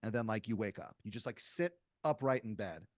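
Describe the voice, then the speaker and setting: A man's voice: on the low side, lively intonation, a little fast, dry recording, studio quality. A man co-hosting a comedy podcast, narrating an improvised scene in second person. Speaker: podcast co-host running the improv.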